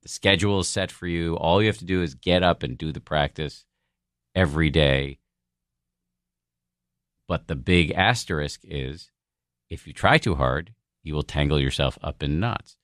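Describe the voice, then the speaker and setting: A man's voice: very deep voice, normal speed, long pauses, fairly bright tone, no room sound, studio quality. A man guesting on a podcast, telling a personal story in a candid, self-deprecating way with the odd swear word. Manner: frank and profane, self-deprecating.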